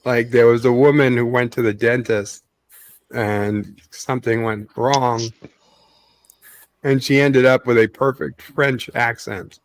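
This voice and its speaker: A man talks in a casual stream chat. He speaks very slowly and stops for frequent ums and uhs. His pitch sits in the middle range. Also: fairly even intonation. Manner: slow, halting, with many ums and uhs.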